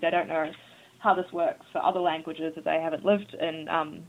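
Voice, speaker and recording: A woman from New Zealand chatting casually, her voice sitting a little low. She rambles with plenty of fillers. The sound is thin and phone-like. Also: flat delivery, normal speed. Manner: chatty, many fillers and likes. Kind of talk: casual conversation. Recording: tinny phone-like line.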